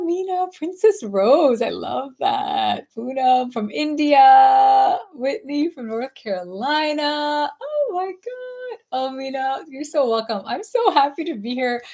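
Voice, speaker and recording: A woman spiritual coach hosting a live stream, greeting viewers effusively and then speaking softly and intimately. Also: mid-range voice.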